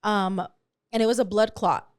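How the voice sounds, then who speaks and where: A woman in her twenties co-hosting a podcast, telling a story in a casual, animated way, swearing freely and slipping into Spanish phrases. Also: medium pitch, normal speed, clear, resonant tone, dry recording. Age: 20s. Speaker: podcast co-host.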